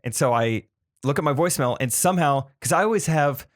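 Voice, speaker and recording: A man co-hosting a podcast, telling stories in a dry, deadpan way in casual chat. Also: a little high, quick pace. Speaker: podcast co-host.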